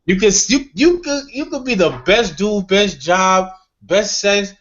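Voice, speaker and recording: A man's voice: sits high, measured pace, a bit bright, soft background music. A young man co-hosting a podcast in casual chat, playful and slangy, joking with his friends. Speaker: podcast co-host. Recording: dull lo-fi podcast audio.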